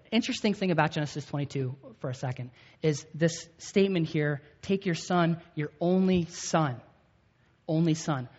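A man in his thirties preaching a sermon in a conversational, storytelling way, often checking in with the listeners. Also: fairly high pitch. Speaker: pastor. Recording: echoey hall, dull lo-fi sound.

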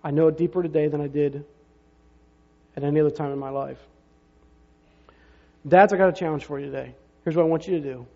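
Guy preaching a sermon, chatty storyteller, high voice, kinda dull lo-fi sound. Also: fairly even intonation, a little fast, gravelly, pauses often. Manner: conversational storytelling with rhetorical asides. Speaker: pastor. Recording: reverberant hall, dull lo-fi sound.

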